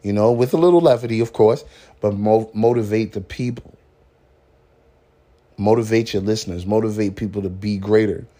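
A man's voice: on the low side, normal speed, dark tone. A man hosting a casual motivational podcast, talking in a laid-back, slangy way, swearing freely and laughing at his own stories. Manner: slangy, says "man" often. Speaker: podcast host.

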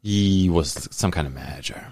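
A laid-back man hosting a podcast, talking in a very deep, low voice. He speaks haltingly and often pauses on fillers. The recording is dry and close. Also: a little mellow, no echo. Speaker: podcast host. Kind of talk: casual podcast chat.

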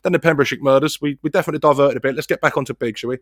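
A man's voice: medium pitch, very fast, no echo, clean studio sound. A man, co-hosting a podcast in casual banter, rambling, sweary and self-mocking. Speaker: podcast co-host.

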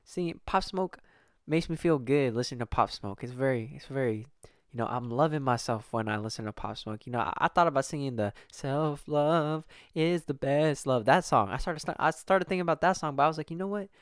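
A young man hosts his own podcast solo, chatting casually and rambling with plenty of swearing and restarts. His voice sits mid-range and moves at a quick pace, recorded clean in a studio with no room sound.

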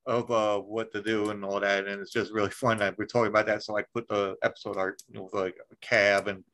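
A man's voice: on the low side, flat delivery, fast talker, fairly bright tone, low-quality recording. A man hosting a podcast in casual chat, rambling with lots of fillers, restarts and swearing. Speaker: podcast host.

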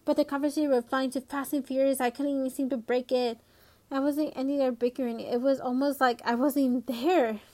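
Casual woman reader, a bit high, reads a novel with asides. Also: mellow. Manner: casual, with spoken asides and restarts. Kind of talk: reading a novel aloud.

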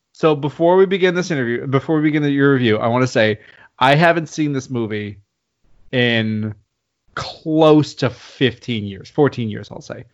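A man hosting a comedy podcast, chatting casually with quick jokey asides and laughs. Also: a little high, muffled recording. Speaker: podcast host.

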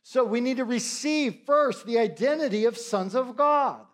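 Middle-aged preacher guy, kinda high voice, jokes around and keeps asking the crowd "right?". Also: expressive, normal speed. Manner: joking asides, checks in with the crowd. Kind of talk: conversational sermon.

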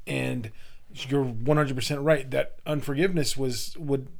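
A man's voice: medium pitch, steady tone, a little slow, gravelly. A man co-hosting a podcast in casual chat, backing up his partner with short agreements and joking along. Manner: supportive, backchannels a lot, jokes along. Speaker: podcast co-host.

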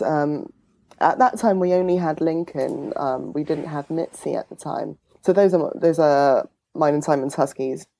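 A woman's voice: gravelly, dark tone. A woman chatting casually as a podcast guest, bubbly, with lots of fillers and laughter. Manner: bubbly, swooping pitch, many fillers and laughs. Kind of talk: casual chat.

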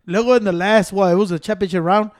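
A young man telling a story in a casual chat, profane and animated, switching between English and Spanish slang. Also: sits high, quick pace.

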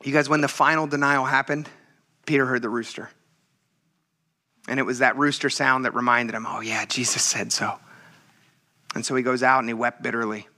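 A man preaching a sermon as a pastor in a lively, conversational way, often acting out the voices of the people he quotes. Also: mid-range voice, fairly quick, pauses often.

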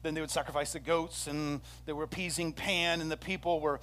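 Animated man preaching a sermon. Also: a little high, brisk. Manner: animated storytelling, acts out quoted speech. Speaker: pastor.

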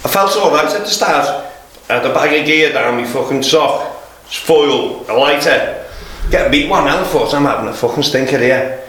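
A man's voice: a little high, moderate pace, fairly bright tone. A man, a former footballer, telling candid stories as a podcast guest, swearing constantly, laughing through them and tacking "mate" onto his sentences. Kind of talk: candid storytelling in casual chat. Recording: very echoey room.

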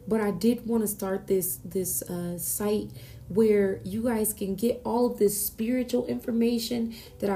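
Gravelly dark-voiced woman giving a spiritual reading. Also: mid-range voice, a little hiss or hum. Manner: earnest and exclamatory, with frequent restarts. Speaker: oracle card reader and podcast host. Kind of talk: channeled spiritual reading, casual and unscripted.

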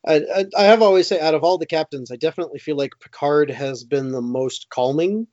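A man co-hosting a podcast in casual chat, teasing the others and quick to jab. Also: a little high, darkish tone, no echo, lo-fi sound. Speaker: podcast co-host.

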